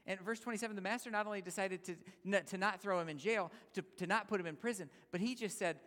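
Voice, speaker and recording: Guy preaching a sermon, kinda high voice, pushes hard then drops to a whisper, big hall echo. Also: fast talker. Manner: emphatic, builds to loud points, drops to near-whisper. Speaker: guest speaker. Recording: long hall reverb.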